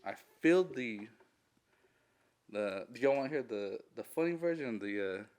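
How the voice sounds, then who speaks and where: With a smooth, mid-range voice at normal speed, the military veteran recounts a war story in a relaxed interview, cursing liberally and laughing with animation.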